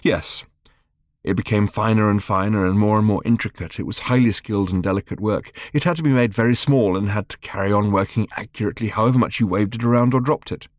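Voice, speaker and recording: A man's voice: on the low side, quick pace, dry recording, studio quality, natural voice. A man doing a mild, flustered father. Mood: patient. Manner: hesitant, gently flustered. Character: mild, bewildered middle-aged Englishman, awkward new father.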